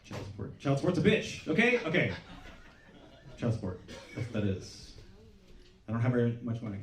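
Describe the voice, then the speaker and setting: A middle-aged man doing a stand-up comedy set, deadpan and self-deprecating, swearing freely. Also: medium pitch, moderate pace. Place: small comedy club stage. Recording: roomy club sound from a distance. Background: audience laughter.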